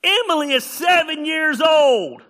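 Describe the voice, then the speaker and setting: A man preaching a sermon, telling funny stories and often raising his voice to a shout. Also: very high-pitched, a little slow. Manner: animated, often shouting, storytelling. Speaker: pastor.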